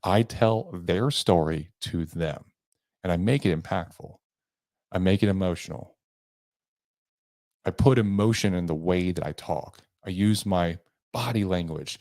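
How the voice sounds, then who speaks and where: A deep, darkish voice at a measured pace, pausing often, belongs to a man coaching listeners on sales in his own motivational podcast. He's emphatic and shifts pace and tone for effect. The studio-quality recording has no room sound.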